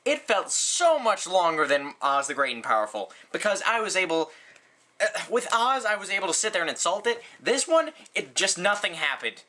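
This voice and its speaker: A man giving a casual movie review, rambling and sarcastic, with lots of "like" and "um" fillers. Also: moderate pace. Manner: rambling, full of "like" and "um", sarcastic asides; animated, frequent jumps in pitch.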